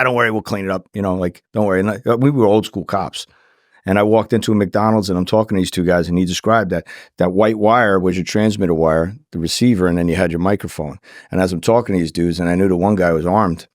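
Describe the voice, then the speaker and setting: A man's voice: deep voice, dry recording, studio quality. A former undercover officer on a podcast recounting his early career, emphatic and repeating phrases for stress. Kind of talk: casual storytelling. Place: podcast studio. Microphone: studio mic.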